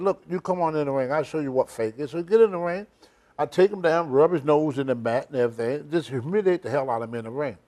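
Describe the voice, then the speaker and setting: An older man with a somewhat high voice spins long, emphatic stories, dropping words and circling back to his point. He talks like a guest in a casual sit-down interview. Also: darkish tone. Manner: rambling, emphatic storytelling with dropped grammar. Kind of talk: shoot interview storytelling.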